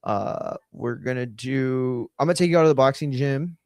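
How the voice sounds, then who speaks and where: A man in an easygoing live-stream chat, rambling and offhand as he thanks his viewers. His voice sits at an average pitch and sounds close and dry, with no room around it. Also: moderate pace, smooth, no echo. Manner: loose, rambling, offhand with viewer shout-outs.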